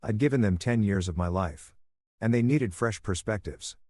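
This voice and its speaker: Calm, low-voiced male story narrator. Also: moderate pace. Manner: calm, soothing reading. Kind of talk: first-person story narration.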